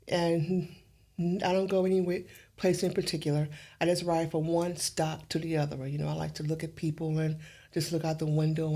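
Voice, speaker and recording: A middle-aged woman, an interview guest, telling her story in an animated way and acting out the dialogue. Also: deep voice.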